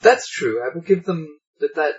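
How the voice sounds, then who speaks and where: A man's voice: on the high side, lively intonation, moderate pace. Dry sarcastic man, podcast chat. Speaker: podcast co-host. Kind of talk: casual episode review chat. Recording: dull lo-fi podcast audio.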